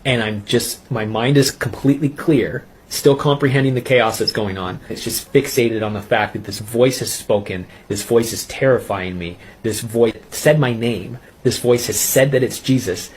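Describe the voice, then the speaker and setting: A man telling his personal faith testimony in an earnest, intense way, pausing and restarting as he recounts it. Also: medium pitch, husky. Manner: earnest, intense storytelling with halting pauses. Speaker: testimony speaker.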